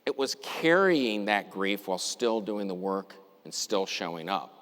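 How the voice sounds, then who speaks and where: A middle-aged man telling a personal story in a talk, reflective and measured, with deliberate pauses. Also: lowish voice, big pitch swings, fairly bright tone. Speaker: university administrator giving a talk. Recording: long reverb, as in a hall.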